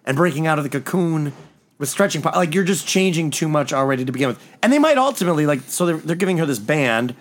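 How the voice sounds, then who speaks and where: A man's voice: on the high side, lively intonation, fast talker. A man co-hosting a podcast in casual chat, explaining comic lore at length in a knowledgeable way. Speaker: podcast co-host.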